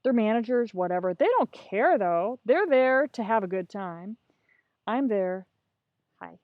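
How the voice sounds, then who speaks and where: A middle-aged woman telling a story as a podcast guest, animated and a bit profane, acting out what people said. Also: fairly high pitch, a little slow, dry recording, dull audio. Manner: animated, acts out voices, profane. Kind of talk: casual storytelling.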